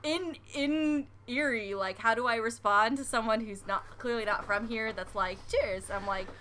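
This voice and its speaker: Bright-voiced American woman chatting. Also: on the high side, normal speed. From United States. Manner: chatty, laughing, filler-heavy. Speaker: podcast co-host, coffee shop worker. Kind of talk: casual chat.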